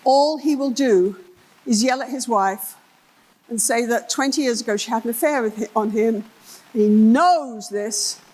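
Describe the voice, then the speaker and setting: An older woman with an English accent delivers a conference keynote with a slightly high voice. She tells case stories with energy and slips into the voices of the people in them. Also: low-quality recording. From England. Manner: animated, acts out voices in her stories. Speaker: therapist giving a conference talk. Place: conference hall.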